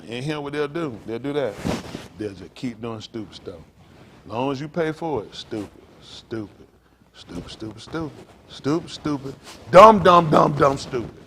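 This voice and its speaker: A middle-aged man preaches to his congregation in a folksy, rambling way. His voice sits at a middle pitch and jumps into sudden loud bursts of emphasis. Faint noise hangs behind the recording. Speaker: pastor.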